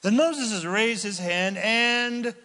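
A man preaches with a high, animated voice that swings widely in pitch as he acts out the quotes in his reading. He takes his time, drawing words out slowly. A long reverb trails behind him, as in a large church hall. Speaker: pastor. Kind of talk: sermon.

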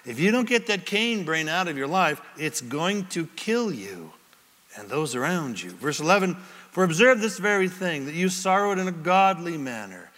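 Animated male pastor preaching, high bright voice, big reverby church hall. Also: moderate pace. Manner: animated, acts out little scenes in different voices. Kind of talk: sermon. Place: church sanctuary before a congregation. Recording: long reverb of a large hall.

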